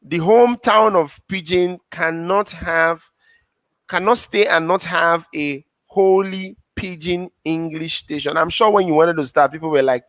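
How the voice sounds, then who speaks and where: Male host, fairly high voice, dry close sound, encouraging. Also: a little slow, a bit bright, no echo. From Nigeria. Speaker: interview host. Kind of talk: casual interview chat.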